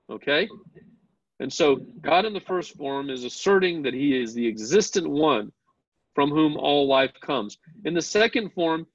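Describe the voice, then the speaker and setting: A man's voice: mid-range voice, dry recording, highs cut off. A man teaching a Bible class, explaining step by step, asking the class questions and often repeating words as he starts a sentence.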